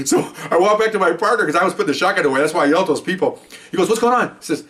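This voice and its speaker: A man, a retired police officer, telling a story from his years on the job in a casual, animated way, playing the voices of the people in it. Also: high-pitched, fast, far from the mic, slight background noise. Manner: animated, acts out voices in the story, chuckles often.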